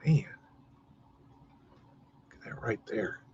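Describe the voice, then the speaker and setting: A man's voice: takes it slowly, warm tone, whispered, highs cut off. A man hosting a live stream, chatting casually and rambling as he looks at buildings, muttering and swearing now and then. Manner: rambling, muttering, mildly cursing. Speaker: livestream host.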